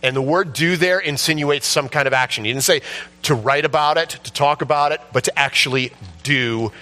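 A man preaching a sermon, telling a story with passion and building to shouts at its peak. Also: fairly high pitch, a little fast. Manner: impassioned storytelling, rising to shouts at the climax. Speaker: pastor.

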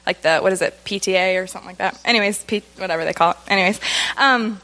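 A woman's voice: medium pitch, fast, pushed and bright. A woman leading children's ministry gives chatty church announcements, laughing often and getting emotional. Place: church sanctuary.

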